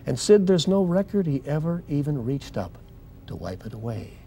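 Older guy preaching his story on a tv interview, goes loud then soft, warm low tone, bit of hiss. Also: big pitch swings, moderate pace. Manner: fervent preacher's delivery, swings loud and soft. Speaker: guest. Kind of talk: testimony in a TV interview.

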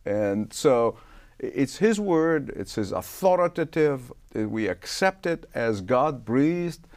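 An older man talks like a preacher in an interview. His delivery is emphatic, and he rises sharply on words he wants to stress. His voice sits at an ordinary male pitch. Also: sing-song, slow, darkish tone. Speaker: pastor guest.

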